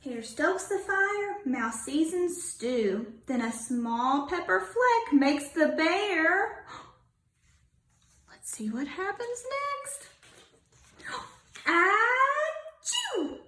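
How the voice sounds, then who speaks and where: Teacher lady reading a kids picture book, high voice, slow and animated, echoey room. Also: a little hiss or hum. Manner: animated storyteller, asks children questions, stretches lines slowly. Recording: roomy echo.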